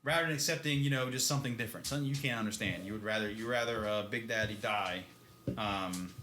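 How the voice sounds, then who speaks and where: A man's voice: lowish voice, fast talker, pushed and bright, slight background noise. Rambling man in an echoey room. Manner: rambling, filler-heavy, often laughing. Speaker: podcast co-host. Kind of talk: casual chat recapping a book.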